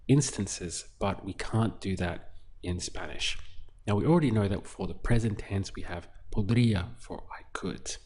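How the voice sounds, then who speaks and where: Language teacher, male, slightly low voice, calm and clear, drills phrases patiently. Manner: clear, patient, repeats words slowly for practice. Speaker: Spanish teacher. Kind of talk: scripted language lesson.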